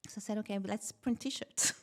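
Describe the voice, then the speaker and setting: Lively woman telling a story. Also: medium pitch, a little fast. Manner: animated, laughs often while telling stories. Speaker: podcast guest, tech founder. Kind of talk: casual interview storytelling.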